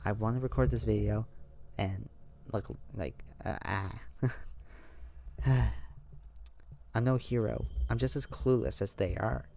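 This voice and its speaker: A man hosting a let's play at home late at night, talking quietly but clearly excited. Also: fairly low pitch, takes it slowly, long pauses. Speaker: gaming YouTuber host. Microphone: handheld mic held close.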